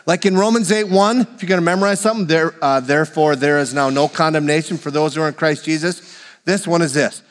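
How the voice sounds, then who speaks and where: A man's voice: on the high side, quick pace, big-room sound. A man preaching a sermon, leading the congregation in call-and-response and joking with them. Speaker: pastor.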